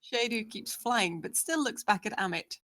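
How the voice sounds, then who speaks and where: A woman's voice: a little high, expressive, normal speed, a bit bright. A woman narrating, steadily reading out the scene descriptions of a screenplay.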